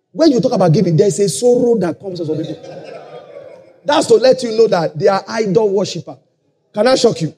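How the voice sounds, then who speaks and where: A man with a Nigerian accent preaching a sermon, shouting key lines and lapsing into a sing-song cadence. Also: high voice, breathy edge. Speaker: pastor. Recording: live conference hall.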